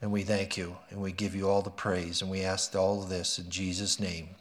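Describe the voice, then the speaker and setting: A male pastor giving a Mother's Day sermon, telling stories with lively energy and praying earnestly. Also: sits low, moderate pace, a little hiss or hum. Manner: lively storytelling, earnest in prayer. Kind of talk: sermon with a read story and prayer.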